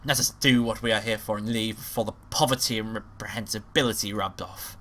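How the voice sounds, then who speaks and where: A man's voice: lowish voice, steady tone, brisk, fairly bright tone, natural voice. A man voicing a haughty rich young male bird aristocrat, with a posh, sneering, commanding manner, over game music.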